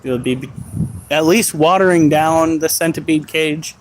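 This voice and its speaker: A man's voice: fairly high pitch, measured pace, slight background noise, poor audio. A man chatting on a casual live stream while caring for his pets, joking, swearing and scolding his dogs. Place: at home with animals.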